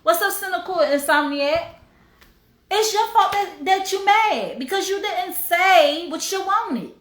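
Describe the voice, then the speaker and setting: A woman's voice: extremely high pitch, lively intonation, measured pace, fairly bright tone, echoey room. A woman hosting a casual livestream, talking in an emphatic, preachy way and sometimes breaking into song. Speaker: host.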